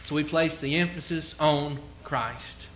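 A man preaching a sermon in a church service, earnest and emphatic, slowing down to stress key phrases. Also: a little high, a little hiss or hum. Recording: dull lo-fi sound.

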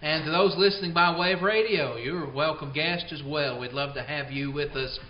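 A man preaching a sermon in a church, folksy and unhurried, reading scripture slowly. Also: fairly high pitch. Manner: folksy storytelling, slow deliberate scripture reading. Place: church auditorium. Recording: roomy, slightly dull church radio broadcast.

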